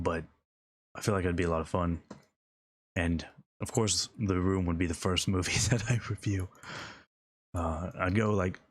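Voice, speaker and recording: A man giving casual, rambling commentary while playing a game, chuckling often and trailing off mid-thought. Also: sits low. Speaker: gaming streamer.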